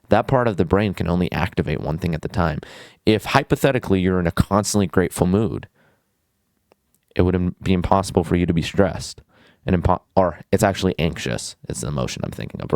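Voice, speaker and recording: Blunt, low-voiced young man. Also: creaky, a little mellow, no room sound, clean studio sound. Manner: blunt, rambling, profane. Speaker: student vlogger. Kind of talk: casual self-help vlog.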